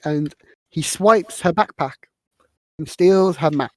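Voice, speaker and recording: A woman's voice: deep voice, slow, no echo. Woman, podcast host, casual movie recap, filler-heavy, dead dry sound. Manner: rambling, filler-heavy retelling of scenes.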